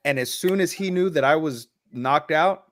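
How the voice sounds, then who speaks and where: A man's voice: on the high side, normal speed, fairly bright tone, no room sound. A man telling a personal story in a casual podcast chat. He talks candidly, swears freely and restarts his sentences, and he sounds a little choked up. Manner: candid and profane, loose with restarts.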